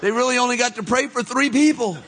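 A middle-aged man preaching a testimony sermon, telling his story with animated laughter, turning soft and hushed when he reflects. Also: very high-pitched, quick pace, slight background noise.

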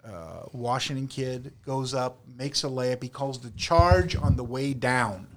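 A man's voice: mid-range voice, a little slow. A man in casual chat, telling a story in a rambling way.

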